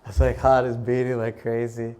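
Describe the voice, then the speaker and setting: Casting: man in his thirties, animated storyteller in a temple talk, mid-pitched voice, laughs a lot. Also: a little fast. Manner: animated, laughs often, bursts into shouted prayers. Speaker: monk preacher.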